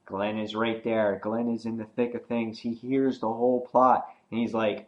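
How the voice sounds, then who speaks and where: A man's voice: lowish voice, flat delivery, normal speed, hardly any pauses, dull audio. A man reviewing a comic book in a casual, rambling way, with many fillers and restarts.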